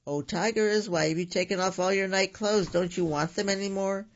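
A man's voice: sits high, steady tone, normal speed, voice pushed up. A man doing a small pleading storybook boy. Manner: pleading and eager. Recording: dull lo-fi recording.

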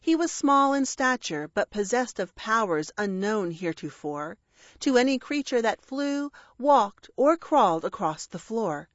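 A woman reading a rhyming children's story aloud with a measured, expressive delivery. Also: a little high, no echo, highs cut off. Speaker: narrator.

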